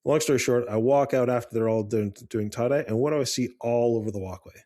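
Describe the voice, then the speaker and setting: A man's voice: mid-range voice, fast, few pauses, mellow. A man co-hosting a casual parenting advice chat, talking earnestly with frequent restarts and fillers. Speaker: podcast co-host.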